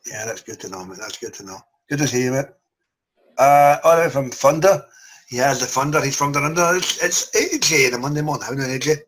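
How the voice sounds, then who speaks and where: A man's voice: mid-range voice, fast, fairly bright tone, slight background noise, poor audio. A man hosting a casual podcast chat, introducing guests with jokes and lots of filler words. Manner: jokey, rambling with fillers. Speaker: podcast host.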